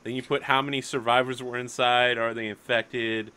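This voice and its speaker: A man's voice: medium pitch, level tone, moderate pace, bright, forceful tone, clean tone. A man narrating as game master, moving between room descriptions and joking banter with the players.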